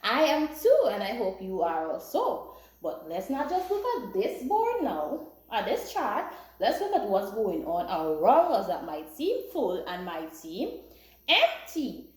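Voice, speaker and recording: A woman's voice: medium pitch, huge pitch swings, unhurried. A woman primary school teacher giving a classroom lesson in an encouraging, sing-song way, with lots of praise. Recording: echoey room.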